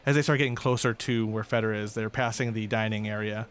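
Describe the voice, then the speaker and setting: A man's voice: fairly low pitch, fairly even intonation, fast talker, clear, resonant tone. A man narrating as game master of a tabletop game, casual and self-deprecating, laughing easily.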